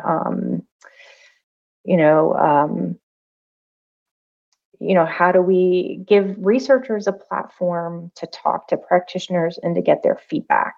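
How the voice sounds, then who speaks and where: A woman's voice: fairly low pitch, takes it slowly, vocal fry, long pauses. A woman researcher speaking as a podcast guest in a thoughtful, casual way, with many fillers and restarts. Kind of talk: casual interview talk. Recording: dull lo-fi audio.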